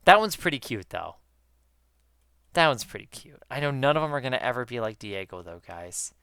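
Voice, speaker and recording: A man in casual chat with viewers while gaming, excitable, swearing often and calling his viewers guys. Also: mid-range voice, normal speed, smooth, no echo, clean studio sound. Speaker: gaming YouTuber.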